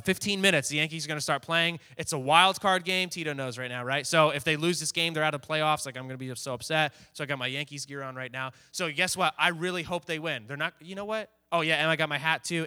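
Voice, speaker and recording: A man's voice: on the high side, bright, forceful tone. A young man preaching casually to a youth group, telling a story animatedly and acting out the quoted lines. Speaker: youth pastor. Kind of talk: sermon.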